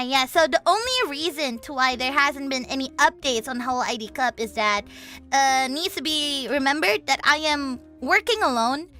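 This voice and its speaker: Bright high-voiced woman streamer, lively chatter, soft music underneath. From Indonesia. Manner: animated, switches between Indonesian and English, laughs often. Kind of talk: casual livestream chat. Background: soft background music.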